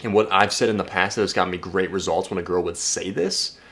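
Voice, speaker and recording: Young male dating coach, low voice, blunt, energetic, swears a lot, casual to-camera talk. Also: fast talker. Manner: energetic, blunt, swears freely, frequent restarts.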